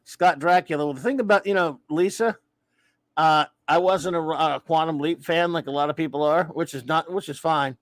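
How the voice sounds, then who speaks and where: Rambling New man, slightly high voice. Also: normal speed, no echo. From New Orleans, USA. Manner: rambling, self-interrupting, playful. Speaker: podcast host reading chat. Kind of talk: casual chat.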